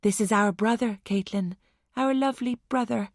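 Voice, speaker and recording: A woman voicing an unhinged young woman who talks about murder with a mocking calm. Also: fairly high pitch, normal speed, no echo, studio quality, close to an everyday voice. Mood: shrill, excited. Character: unhinged young Irish woman, cold and menacing.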